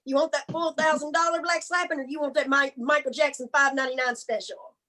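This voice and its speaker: A woman's voice: high-pitched, steady tone, fairly quick, bright, forceful tone. A woman comic voicing her tough, no-nonsense mother scolding her kids in a stern manner.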